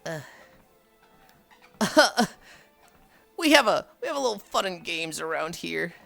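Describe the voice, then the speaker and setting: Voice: medium pitch, big pitch swings, takes it slowly, gravelly, bright, forceful tone, soft background music. A livestreamer chatting casually with viewers, telling stories with frequent sighs and laughs. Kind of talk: casual live-stream chat.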